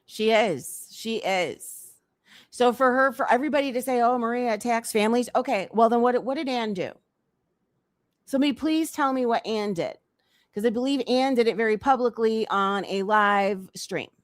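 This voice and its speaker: A woman's voice: a little high, moderate pace, dry recording. Blunt woman livestreamer, dry close sound. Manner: blunt, emphatic, repeats her points. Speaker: commentary livestream host. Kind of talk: casual livestream commentary.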